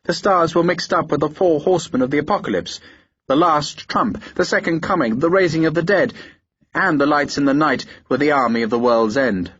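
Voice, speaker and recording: A man reading a historical war novel in a steady, measured audiobook narration. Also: on the high side, slightly rough, no room sound, dull audio.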